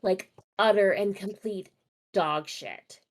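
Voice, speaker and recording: A woman's voice: mid-range voice, takes it slowly. Fired-up woman from Minnesota, casual sports podcast co-host, swears freely.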